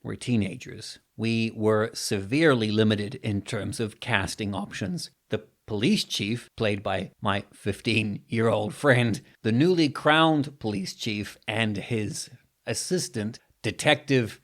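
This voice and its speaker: Animated New Zealand man telling a story. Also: slow. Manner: animated, jumping in pitch for emphasis. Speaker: podcast host. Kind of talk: casual storytelling monologue.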